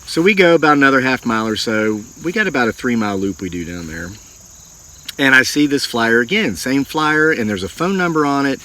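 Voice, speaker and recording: A man's voice: medium pitch, fairly quick. A middle-aged man telling a long personal story in a folksy, earnest way, acting out what people said. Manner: folksy, earnest, animated retelling with acted quotes. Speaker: homesteading channel host. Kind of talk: storytelling monologue.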